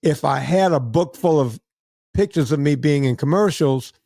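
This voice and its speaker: A middle-aged man hosting a podcast, telling a lively story and acting out the other people's lines. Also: a little high, moderate pace, gravelly, no room sound, studio quality. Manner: animated storyteller acting out quoted voices. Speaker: podcast host. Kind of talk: casual storytelling chat.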